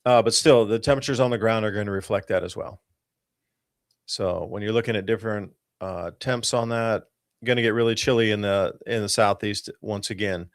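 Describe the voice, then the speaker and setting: A man's voice: lowish voice, fairly even intonation, a little fast. A man hosting a live podcast, talking the audience through weather charts in an urgent, emphatic, loosely rambling way. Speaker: podcast host. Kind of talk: live-show commentary over weather charts.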